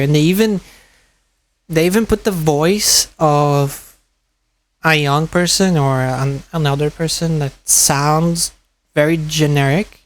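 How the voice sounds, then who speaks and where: Chatty man telling stories. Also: fairly high pitch. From Brazil. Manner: chatty storytelling, laughs often, swears. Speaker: streamer reacting to a video. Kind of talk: casual chat.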